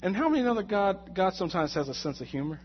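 Guy preaching casual, tells a jokey story, slightly high voice, gets loud and worked up, kinda dull muffled sound. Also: quick pace, a little hiss or hum. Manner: animated, jokey storytelling with rising, shouted anger in the retold moments. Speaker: lay preacher. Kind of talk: conversational sermon with a personal story.

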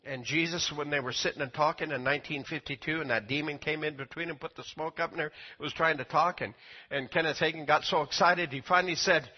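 Older preacher man, husky and folksy. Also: fairly quick, lo-fi sound. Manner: folksy, repeats words, rises to high excited quotes. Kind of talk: sermon with personal testimony.

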